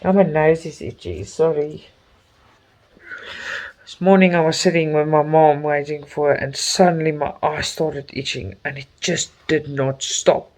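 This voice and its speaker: A middle-aged man with a South African accent, a native Afrikaans speaker, chats while he does cross-stitch. He speaks slowly in a slightly raised voice. His talk is warm-hearted and emotional, full of little exclamations. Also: fairly high pitch, level tone. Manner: chatty and openly emotional, with frequent exclamations. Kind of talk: casual chat while stitching.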